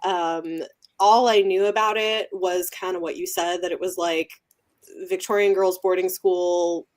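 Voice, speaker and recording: A woman's voice: lowish voice, fairly even intonation, measured pace. A woman in a casual book club call over video, talking in an easygoing and agreeable way.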